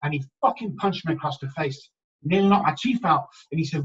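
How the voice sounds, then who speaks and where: A man's voice: on the high side, a little fast, recorded from a distance, highs cut off. A man from England, a recovery doctor talking bluntly and swearing a lot in a casual interview.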